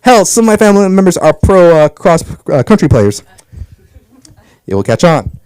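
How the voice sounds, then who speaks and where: A man's voice: sits high, sing-song, normal speed, darkish tone, clear, resonant tone, no echo. A young man telling crude, brash stand-up stories about his family on a comedy club stage. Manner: brash storytelling, crude punchlines.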